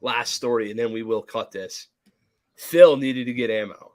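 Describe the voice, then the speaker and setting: Profane, animated male podcast storyteller. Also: medium pitch, moderate pace. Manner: profane, animated storyteller who acts out quotes. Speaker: podcast co-host. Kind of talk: casual storytelling chat.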